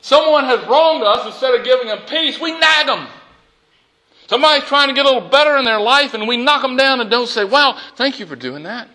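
High, bright-voiced male pastor preaching. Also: a little fast, poor audio. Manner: animated preaching, reads scripture aloud, jokes with the congregation. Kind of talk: sermon.

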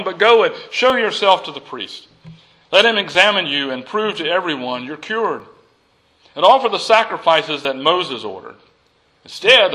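A man preaching a sermon as pastor, expressive, with loud emphatic lines and near-whispered ones, often repeating himself for emphasis. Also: fairly high pitch, low-quality recording.

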